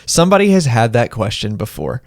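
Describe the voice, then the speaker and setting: A man talks through everyday advice in an offhand, rambling way, with a middle-pitched voice and very dry, close sound. He slips into quick acted-out exchanges as he goes. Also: wildly swooping pitch, creaky, no echo. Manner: rambling, offhand, acts out little dialogues. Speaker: podcast co-host. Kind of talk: casual advice chat.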